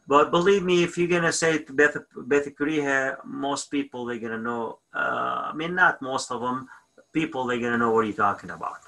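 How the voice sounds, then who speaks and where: A man teaching a language lesson, patiently repeating phrases slowly and explaining sounds step by step. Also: medium pitch, lively intonation, pushed and bright, rough recording.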